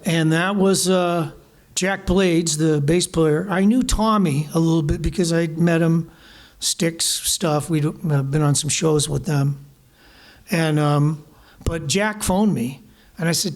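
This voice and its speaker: A man's voice: on the high side, slow pace. A Canadian man, a guest musician, telling anecdotes in conversation, acting out the voices of the people in his stories. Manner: animated anecdotes, acting out quoted voices, laughing. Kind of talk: storytelling conversation. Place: small live music venue.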